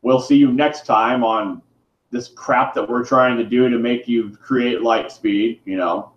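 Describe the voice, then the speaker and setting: A man's voice: medium pitch, steady tone, a little slow. A man delivering an irate, preachy monologue to camera, swearing for emphasis. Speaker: vlogger. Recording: roomy, dull lo-fi sound.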